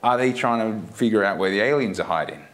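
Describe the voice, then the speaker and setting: A man's voice: fairly low pitch, animated, fast talker, a bit bright. A man co-hosting a casual chat podcast, making dry, wry asides. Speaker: podcast co-host.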